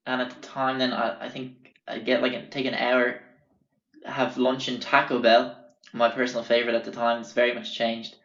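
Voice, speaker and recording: A man's voice: mid-range voice, little pitch movement, normal speed, a bit bright. A young Irish man hosting a podcast, telling stories casually, rambling and swearing with many fillers. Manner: rambling and profane, with many fillers and self-corrections. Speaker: podcast host. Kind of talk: casual storytelling. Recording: roomy, dull lo-fi sound.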